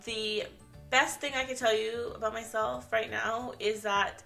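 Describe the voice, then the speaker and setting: Canadian woman with a partly British-tinged accent, young vlogger, crisp bright tone, slightly high voice, chatty and self-mocking. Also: steady tone, a little slow, faint music behind. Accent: Canadian with some British English mixed in. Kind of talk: casual chat to camera.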